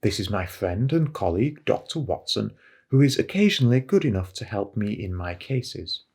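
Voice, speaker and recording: A man reading the lines of a calm, sharp-minded detective in a crisp, formal way, near his own voice. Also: fairly low pitch, moderate pace, exaggerated voice.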